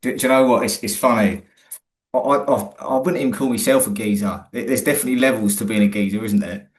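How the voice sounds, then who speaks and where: A man's voice: lowish voice, fast talker. A young man, chatting as an interview guest, stumbling over his words as he restarts his sentences. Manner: stammering restarts, chatty and self-deprecating. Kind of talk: casual interview chat.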